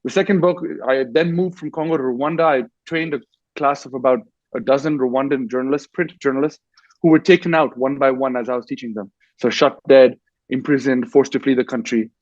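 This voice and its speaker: Speaking a little fast in a steady, mid-range tone, the author and war correspondent from a Dubai upbringing shares his story on a festival panel, restarting frequently. The recording is muffled but free of echo.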